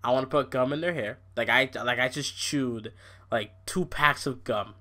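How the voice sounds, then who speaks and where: A young man hosting a casual wrestling podcast, ranting in an exasperated, animated way with frequent swearing. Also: mid-range voice, moderate pace. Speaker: podcast host.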